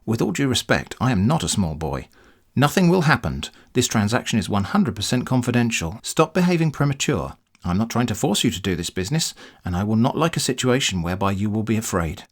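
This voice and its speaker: A man's voice: fairly low pitch, very animated, fairly quick. A man voicing a pushy, testy elderly male bank officer who is running a scam, reading the scam emails aloud. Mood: insistent. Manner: insistent, testy, keeps calling you brother.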